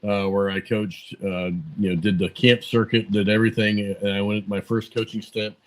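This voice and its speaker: A man's voice: lowish voice, little pitch movement, normal speed, low-quality recording. A man in his forties, a podcast guest, telling long rambling stories with lots of fillers and quoted back-and-forth. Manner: rambling anecdotes full of fillers and quoted dialogue. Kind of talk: casual storytelling interview.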